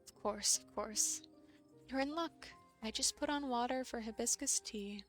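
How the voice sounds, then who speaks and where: A woman voicing a gracious older woman who speaks in a gentle, polite, unhurried way, with a slightly high voice. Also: faint music behind, natural voice.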